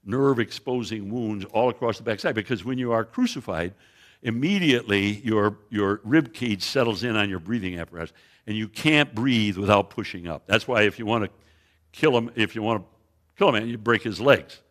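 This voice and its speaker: A man's voice: fairly low pitch, normal speed, fairly bright tone. A man preaching as a guest Bible teacher, retelling scripture vividly in a church sanctuary, often restarting his phrases and pointing to slides. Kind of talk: sermon with biblical storytelling.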